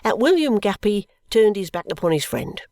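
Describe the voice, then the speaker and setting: A reader voicing a scheming, sentimental young male law clerk who talks in a confiding, often hushed and whispery way. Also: medium pitch, sing-song, normal speed, vocal fry, no echo, pitched above the performer's own voice. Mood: hearty.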